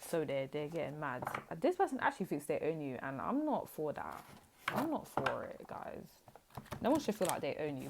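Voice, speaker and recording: A young woman giving a casual tarot reading, chatty and blunt with animated asides. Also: low-pitched, moderate pace, creaky, noisy background. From United Kingdom. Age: young adult. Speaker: tarot reader.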